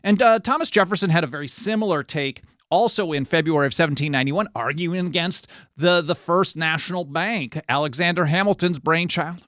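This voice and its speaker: A man's voice: a little high, brisk, a bit bright, dry recording, clean studio sound. A man hosting a talk show, explaining history in a conversational way, reading quotes aloud with frequent fillers and self-corrections. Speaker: podcast host.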